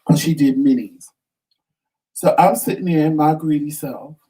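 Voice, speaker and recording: Talk show co-host, male, animated storyteller, mellow voice recorded a little off-mic. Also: a little high, normal speed. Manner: animated, dramatic storyteller acting out quotes. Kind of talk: casual storytelling chat. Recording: voice somewhat distant from mic.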